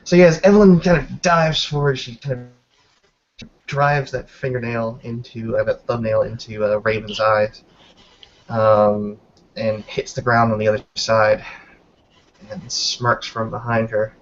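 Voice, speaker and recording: A man with a gravelly, creaky voice plays a tabletop role-playing game, counting his dice rolls out loud and swearing casually. The lo-fi recording sounds dull and muffled. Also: medium pitch, flat delivery, a little slow, a little hiss or hum.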